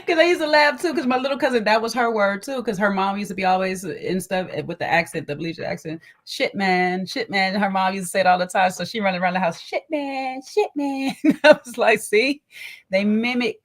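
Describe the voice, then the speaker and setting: A woman's voice: mid-range voice, fast talker. A woman co-hosting a casual podcast chat, telling stories with lots of laughter and speech. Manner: animated storyteller, laughs often, says "child" and "okay". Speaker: podcast co-host.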